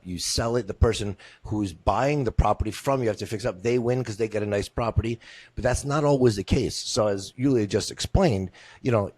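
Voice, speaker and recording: A man with a somewhat low voice hosts an interview in a relaxed, conversational way. He circles back on his words and piles up rhetorical questions as he explains. The recording is dry and close, with little room sound. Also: dry recording. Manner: conversational, many restarts and asides, rhetorical questions. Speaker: interviewer, podcast host. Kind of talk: casual interview talk.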